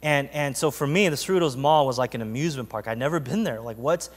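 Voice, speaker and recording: Animated male pastor in a reverberant hall. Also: medium pitch, quick pace. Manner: animated storytelling with frequent "right?" asides. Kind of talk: sermon. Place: church sanctuary.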